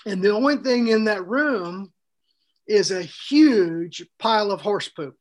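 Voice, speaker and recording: A man co-hosting a podcast, telling a story in a casual, animated way, laughing often and restarting his sentences. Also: high voice, slow. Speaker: podcast co-host and author.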